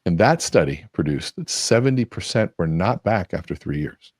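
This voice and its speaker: A man's voice: low-pitched, expressive, moderate pace, darkish tone, no echo, clean studio sound. A man as the guest expert on a podcast interview, talking energetically, acting out quoted dialogue and restarting often. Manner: frequent restarts.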